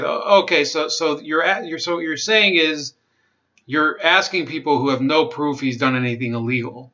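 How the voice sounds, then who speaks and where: A man giving casual commentary, reading an article aloud and rebutting it with halting restarts and wry asides. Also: a little high, sharp tone. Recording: dull lo-fi sound.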